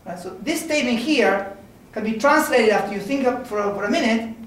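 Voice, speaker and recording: A man's voice: extremely high pitch, lively intonation, brisk, a bit bright. A man giving an informal mathematics seminar lecture, talking conversationally and often checking in with "okay?" and "right?". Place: lecture room. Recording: very echoey room from a distance.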